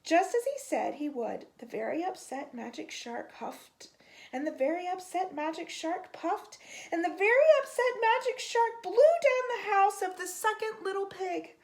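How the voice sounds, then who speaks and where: A woman reading a children's picture book aloud, expressive and stretching out the sound words. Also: extremely high pitch, measured pace. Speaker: storytime reader.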